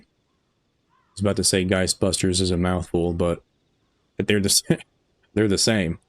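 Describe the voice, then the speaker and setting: A man's voice: sits low, dry recording. A man live streaming a game, chatting casually with his viewers in a rambling, chuckling way, tired after hours on air.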